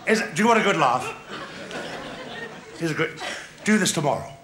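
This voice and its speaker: A man doing a stand-up comedy routine on a theatre stage, with a bumbling, halting delivery and a giggling laugh. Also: a little high, animated, over a noisy crowd. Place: theatre stage before a live audience. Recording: archive stage recording with loud audience laughter and hiss. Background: audience laughter.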